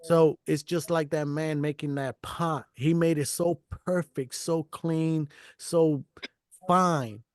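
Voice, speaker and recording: A man's voice: on the high side, fairly even intonation, slow, darkish tone, no room sound, studio quality. A man hosting a casual heart-to-heart talk, earnest and encouraging, often repeating his phrases. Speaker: podcast host.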